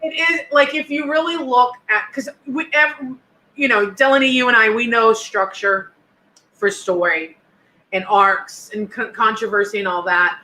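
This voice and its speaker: A woman's voice: a little high, normal speed, pushed and bright, roomy sound, poor audio. A woman co-hosting a casual chat, talking in an earnest, reflective way and often checking in with "you know what I mean.". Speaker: co-host.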